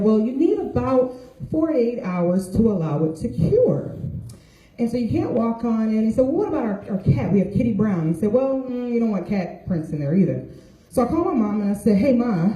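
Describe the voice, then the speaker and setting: A woman's voice: a little high, big pitch swings, moderate pace, dark tone. A middle-aged woman doing a stand-up comedy set, telling stories and voicing the people in them. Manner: storytelling with voiced quotes of others. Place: stage with audience laughter. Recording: echoey room.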